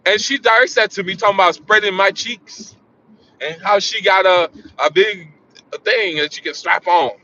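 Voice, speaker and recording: A man casually telling a personal story in an animated way, repeating phrases for emphasis. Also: high voice, moderate pace. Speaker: vlogger. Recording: dull lo-fi sound.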